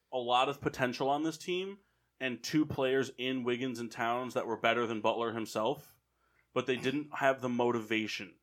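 A man's voice: medium pitch, a bit bright. Opinionated man talking basketball. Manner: opinionated, argues points at length. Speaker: podcast co-host. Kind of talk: casual sports chat.

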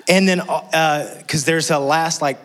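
A middle-aged male pastor preaches with a slightly high-set voice. He tells his story with animation and acts out the people in it. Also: fairly even intonation, measured pace, a bit bright. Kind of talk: sermon with personal storytelling.

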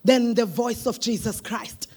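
A man preaching a sermon with impassioned shouting, chanted repetition and slow emphatic delivery. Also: extremely high pitch, husky.

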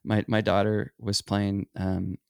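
A man's voice: on the low side, flat delivery, slow pace, vocal fry, a little mellow, clean tone, no echo, clean studio sound. A middle-aged man talking casually and reflectively as a photography teacher, rambling a little and acting out the voices he quotes. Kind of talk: casual conversation.

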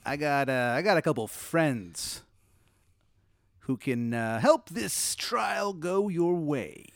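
A man doing a slow, sly scheming genie. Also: on the high side, lively intonation, creaky, dry recording, clean studio sound, voice pushed up, heavily acted. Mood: wheedling. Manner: drawn-out, wheedling, uses a mocking pet name. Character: sly, scheming male genie who likes to bargain.

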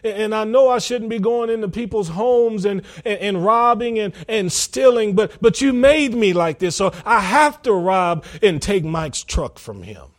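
A man's voice: lively intonation, moderate pace, few pauses. A man putting on the voice of a weeping, self-pitying man who stammers as he pleads with God. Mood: whining plea. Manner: high whining plea, stammering.

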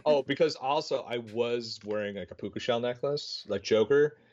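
A man in his thirties, with a mid-range, darkish voice at a moderate pace, co-hosts a podcast in casual chat. He rambles, uses plenty of fillers, and pokes fun at himself, all captured in dull lo-fi audio.

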